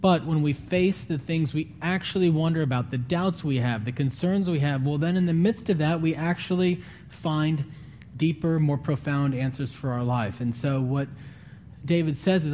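Guy pastor giving a sermon, earnest and chatty, relaxed tone. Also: normal speed, slight background noise. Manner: earnest, conversational, rises in pitch when pleading.

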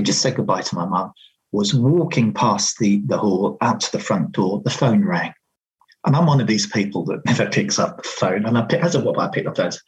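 A man, a radio DJ, telling a story about his career in a casual, animated way, acting out the quoted dialogue with lots of restarts. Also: fairly low pitch, slightly rough, low-quality recording.

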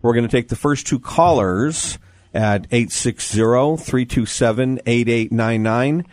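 A man's voice: medium pitch, unhurried, dry recording. A middle-aged American man hosting a radio talk show, steadily guiding an interview and reading out giveaways. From United States. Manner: steady, guiding, reads out promos.

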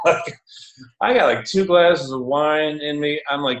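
A man telling a story in an animated, chatty way, laughing often and using many fillers. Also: fairly high pitch, a little slow, dull audio, a little hiss or hum. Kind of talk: casual storytelling. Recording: roomy echo.

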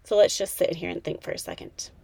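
A woman's voice: fairly low pitch, fairly even intonation, fast talker, gravelly, mellow, breathy edge. A woman in her thirties hosting a motivational podcast, talking in a peppy, chatty way straight to the listener. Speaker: podcast host.

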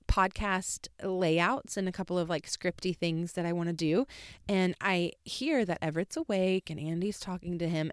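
A woman's voice: fairly low pitch, smooth, no room sound, studio quality. A woman in her thirties, a podcast host, telling a rambling, emphatic story in casual chat with lots of fillers. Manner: chatty, rambling, warmly emphatic with many fillers.

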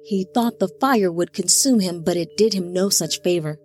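A woman narrating an audiobook in a steady, measured storytelling voice. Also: on the low side, soft background music. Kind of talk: scripted narration.

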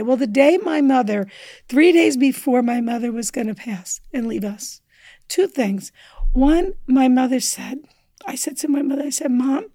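A woman guest on a podcast telling a personal story with earnest feeling, sometimes dropping to a hushed near-whisper. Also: sits high, no room sound. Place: indoor studio table.

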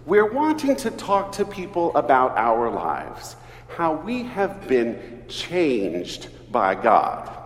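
A man, an Episcopal priest, preaching a sermon in an earnest, measured way. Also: on the high side. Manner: slow, earnest preaching with lively emphasis. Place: church. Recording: echoey church hall, distant mic.

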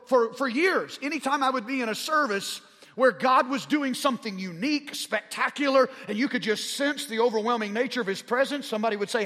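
A man in his forties from Arkansas with a Southern drawl, telling a story in a sermon and growing fervent as he goes. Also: pushed and bright. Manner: rising in pitch and volume as he gets fervent. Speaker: pastor. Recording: long hall reverb.

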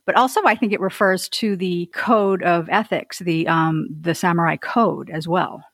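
A woman's voice: lowish voice, moderate pace, no room sound. A woman who teaches karate, explaining her thoughts step by step in a casual group discussion. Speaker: karate instructor, panelist.

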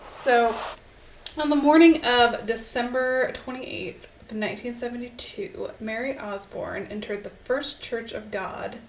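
A woman co-hosting a podcast in casual chat, self-mocking and quick to laugh, then narrating a cold case. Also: on the high side, echoey room, a little hiss or hum, poor audio. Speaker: podcast co-host.

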